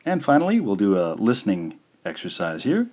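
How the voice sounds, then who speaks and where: A man teaching a language lesson, sounding out words slowly and carefully, syllable by syllable, in a patient, encouraging way. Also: on the low side, huge pitch swings, a little mellow. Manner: slow, careful syllable-by-syllable pronunciation. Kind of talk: slow instructional lesson.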